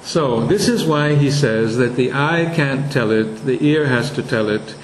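A man teaching a lesson on verse meter, slowly sounding out and repeating words to show where the stress falls. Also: mid-range voice, lively intonation, roomy sound, a little hiss or hum, rough recording.

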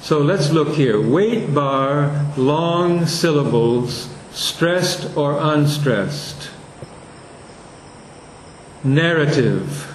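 A man teaching a lesson on verse meter, slowly sounding out and repeating words to show where the stress falls. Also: on the high side, echoey room, a little hiss or hum, rough recording.

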